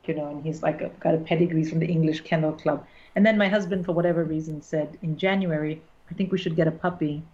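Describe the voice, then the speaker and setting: A woman's voice: low-pitched, fairly even intonation, fast talker, few pauses, darkish tone. A middle-aged woman comedian telling a frank, wry story in casual conversation. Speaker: stand-up comedian, guest. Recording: dull lo-fi recording.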